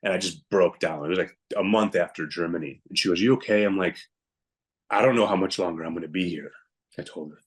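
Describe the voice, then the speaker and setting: A young man with a very low voice, a guest on a podcast, recounting a hard personal story. He talks bluntly and with emphasis, often acting out what he said at the time. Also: fast.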